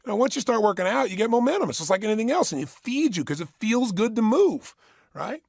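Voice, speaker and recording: Speaking fast with lively intonation, this middle-aged motivational speaker uses a high, husky voice with a darkish tone. He's emphatic and repeats phrases for effect in a motivational audio program recorded close in a studio with no room sound.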